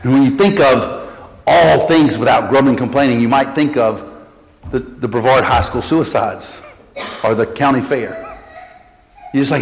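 A man preaching a sermon as pastor, animated and repeating key phrases. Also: mid-range voice, normal speed. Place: church sanctuary. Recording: echoey church hall.

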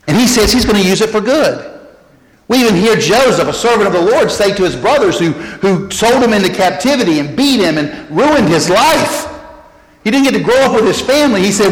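A man preaching a sermon as pastor, animated and repeating key phrases. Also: high-pitched, fairly quick. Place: church sanctuary. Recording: echoey church hall.

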